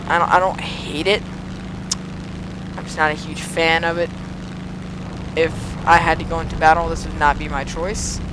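A teenage boy giving let's play commentary on a flight combat game, yelping and pleading at the screen as he plays. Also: a little high. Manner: excitable, yelps and pleads at the game. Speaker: gaming YouTuber. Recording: noisy game audio behind voice. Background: engine and gunfire game sounds.

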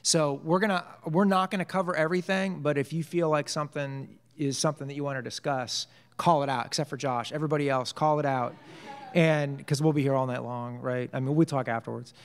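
A man's voice: a little high, fairly even intonation, fairly quick, in a large hall. A man teaching a casual church Bible study, joking with the group and asking it questions. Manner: joking, conversational, quizzes the group. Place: church hall.

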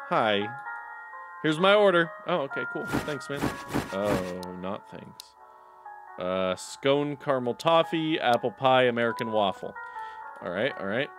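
Over background game music, a young man delivers a let's play as a gaming YouTuber, cracking sarcastic jokes and bantering with the game's characters. His mid-range voice is expressive and a little slow.

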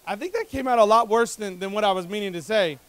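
A male pastor preaching a conversational sermon at a church service, energetic, joking with the congregation and asking rhetorical questions, often repeating words as he speeds up. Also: high voice, fast talker, clear, resonant tone, no echo.

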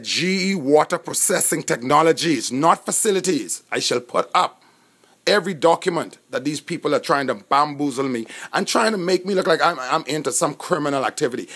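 A man's voice: on the high side, gravelly, fairly bright tone. A man with a Bahamian accent giving an impassioned, rambling monologue, full of indignation and frequent restarts. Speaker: self-recorded speaker.

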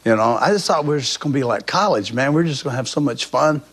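A man in his seventies from the American South with a Southern accent, telling stories in a folksy, animated way in a documentary interview. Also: mid-range voice, fast talker, heavy background noise. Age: 70s. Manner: animated, folksy storytelling with big swings in voice. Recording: music bed underneath.

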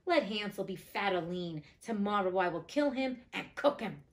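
A wicked old witch from a storybook , voiced by a woman reader, who stretches out every word slowly and leans on it hard. The voice sits at a middling pitch and carries a child-eating menace. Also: expressive, lightly acted. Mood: cruel. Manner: slow, drawn-out, emphatic delivery.

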